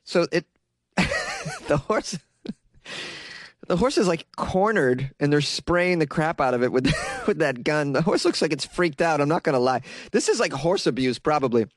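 A young man with a Massachusetts accent and a somewhat high voice, riffing sarcastically on an odd news story. He rambles and breaks into laughter at his own jokes. The recording is dry and close, with no room sound. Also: very animated, normal speed, no echo. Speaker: comedic news commentator.

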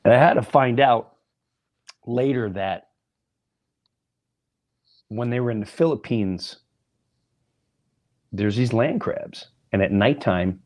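A man hosting a podcast, telling a personal story in an animated monologue, acting out voices and often dropping into a whisper. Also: mid-range voice, slow, long pauses. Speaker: podcast host.

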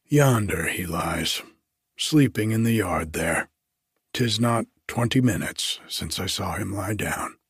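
A man's voice: deep voice, expressive, slow, husky, no echo, studio quality, exaggerated voice. A man doing a plain-spoken prison guard. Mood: matter-of-fact.

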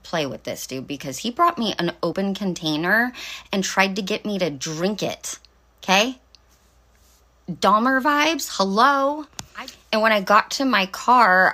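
A woman's voice: mid-range voice, sharp tone. A middle-aged woman telling a rambling, sarcastic story in a casual vlog rant, full of profanity and fillers. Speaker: vlog host.

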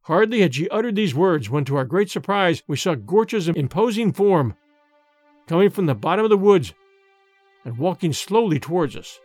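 A man narrating a classic story in an expressive, theatrical reading. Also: high voice, moderate pace, no room sound, soft background music. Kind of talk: audiobook storytelling.

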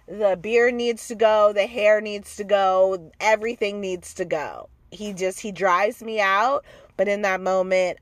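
A woman's voice: medium pitch, no echo. A woman giving a blunt, opinionated and profane recap of a TV episode in a casual chat. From outside the American South. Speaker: TV recap host.

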